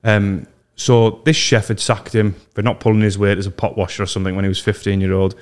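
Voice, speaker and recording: A young man hosting a casual podcast, telling animated stories and mimicking voices. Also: on the low side, fairly quick, smooth. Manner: animated storyteller, mimics voices in his anecdotes. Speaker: podcast host. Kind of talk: casual chat, storytelling.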